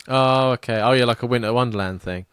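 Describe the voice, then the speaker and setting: A man's voice: medium pitch, fast talker, fairly bright tone, smooth, dry recording, clean studio sound. A man co-hosting a podcast in casual, rambling, sweary chat. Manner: rambling, sweary, laughs a lot. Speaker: podcast co-host.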